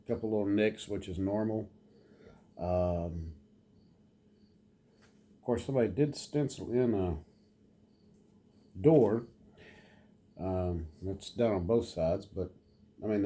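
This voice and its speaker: A man in a relaxed, rambling home vlog, showing off a model train car and talking to his dog now and then. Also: on the low side, measured pace, long pauses. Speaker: model train hobbyist vlogger. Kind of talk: casual show-and-tell vlog.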